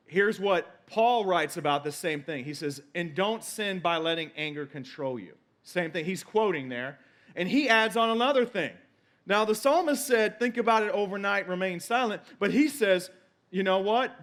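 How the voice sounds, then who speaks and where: A man's voice: high-pitched, expressive, normal speed, a bit bright. A man pastor preaching a sermon, quoting scripture and repeating key points for emphasis.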